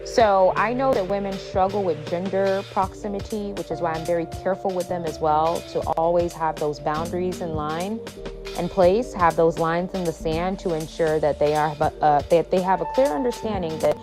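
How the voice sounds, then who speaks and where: A woman speaking in a measured, assertive, lecturing way. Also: on the low side, over music.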